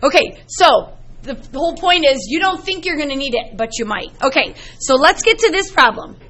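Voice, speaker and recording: A woman's voice: sits high, expressive, moderate pace, fairly bright tone. A middle-aged woman teaching a math class, explaining in a chatty, storytelling way to her students in a classroom.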